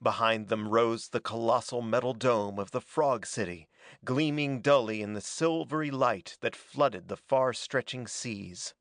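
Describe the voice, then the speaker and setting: A man reading a pulp adventure story aloud as a dramatic, steady narrator. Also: mid-range voice, a little slow, no room sound, studio quality. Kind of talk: scripted audiobook narration.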